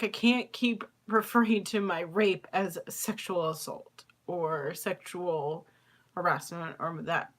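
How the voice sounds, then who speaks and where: A young woman hosting her own podcast, speaking in a confessional, halting way, tearful with a cracking voice. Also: on the low side, a bit bright. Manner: emotional, halting, confiding. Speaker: podcast host.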